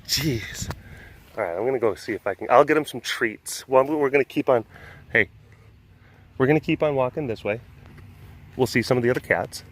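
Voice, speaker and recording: A man vlogging outdoors by animal enclosures, telling stories with a laugh and then talking softly to calm a big cat. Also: mid-range voice, normal speed, pauses often, a little hiss or hum. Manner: rambling, laughing storyteller who shifts to hushed coaxing talk with a big cat. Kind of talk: casual vlog chat.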